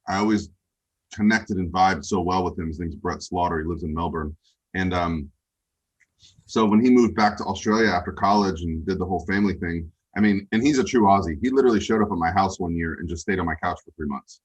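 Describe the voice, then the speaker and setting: A man speaking as a podcast guest over a remote call, relaxed and rambling with lots of fillers. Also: deep voice, husky. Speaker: guest coach. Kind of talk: casual interview chat.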